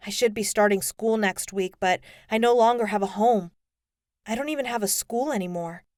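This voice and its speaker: A woman's voice: mid-range voice, no echo, clean studio sound, natural voice. Woman voicing an upset teenage girl. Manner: tearful, earnest pleading. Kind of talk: audiobook character voice.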